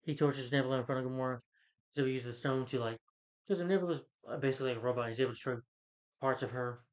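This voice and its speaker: A man's voice: mid-range voice, racing, muffled recording. A man casually recapping a film's plot, rambling with lots of fillers and self-corrections. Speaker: film reviewer.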